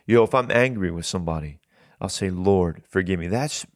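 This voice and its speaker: Brief: lower-voiced male host, earnest conversational preaching, dry close sound. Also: a little fast, dry recording. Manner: earnest, repeats words when starting a thought. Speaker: Christian talk show host.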